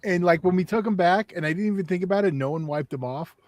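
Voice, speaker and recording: High-voiced casual male host. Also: fast talker, darkish tone, dry recording. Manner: casual, swears freely. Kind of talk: casual chat.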